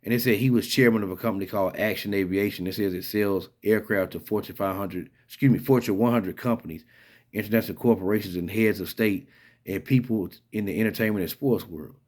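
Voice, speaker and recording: A man with a lowish voice talks loosely to his viewers, circling back with "you know" and "like" as he goes. His tone is skeptical and head-shaking, the sound of an ordinary vlogger commenting on the day's story. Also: a little fast, a little mellow. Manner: rambling, conversational, many fillers and restarts. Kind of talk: casual spoken commentary.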